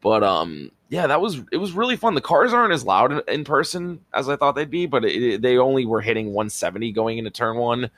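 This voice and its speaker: A man telling a rambling, excitable story as a podcast co-host, swearing casually. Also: mid-range voice, brisk, hardly any pauses, no echo. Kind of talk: casual chat.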